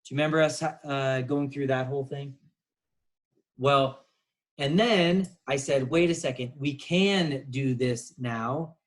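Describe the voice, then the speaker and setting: A man's voice: mid-range voice, measured pace, low-quality recording. A man teaching a recorded calculus lesson, explaining casually with many fillers. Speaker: math teacher.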